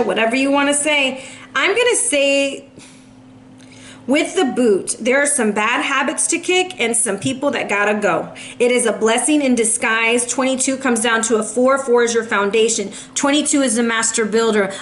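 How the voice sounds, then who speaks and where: A woman's voice: fairly high pitch, animated, normal speed, fairly bright tone, slight background noise. A woman giving a casual, playful tarot reading to camera, a little out of breath. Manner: chatty, playful, sassy asides. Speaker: tarot reader.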